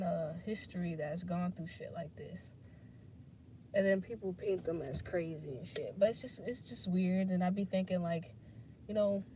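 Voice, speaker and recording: Woman just rambling on her own podcast, swears a lot, jumps topic to topic, middle pitch. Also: dark tone, a little hiss or hum. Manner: rambling, unfiltered, swears freely; drifts between topics, many fillers. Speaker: podcast host. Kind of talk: casual solo podcast monologue.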